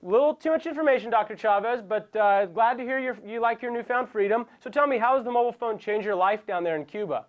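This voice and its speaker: A man's voice: very high-pitched, fast talker, few pauses, phone-quality sound. A young man hosting a comedic web show, joking and rambling in a self-deprecating way. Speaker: host.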